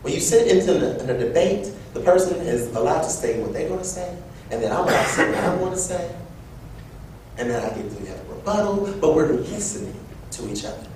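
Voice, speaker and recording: A young man giving a personal storytelling speech at an event, animated and acting out quoted voices. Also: a little fast. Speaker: event speaker. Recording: echoey room from far off with low rumble.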